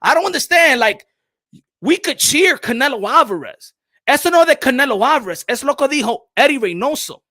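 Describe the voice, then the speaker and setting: A man hosting a boxing channel, giving animated livestream commentary, switching between English and Spanish and repeating phrases for emphasis. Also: extremely high pitch, brisk, no echo, studio quality.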